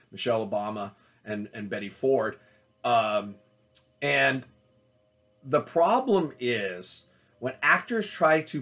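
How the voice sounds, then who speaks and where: An acting coach, a man with a mid-range, fairly bright voice, talks solo to camera to coach actors. He is earnest and repetitive, often restarting his phrases.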